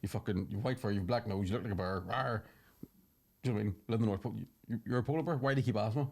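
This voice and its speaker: A man's voice: lowish voice, very fast, darkish tone. A man voicing a mother polar bear who answers her cub in an exasperated, sweary way.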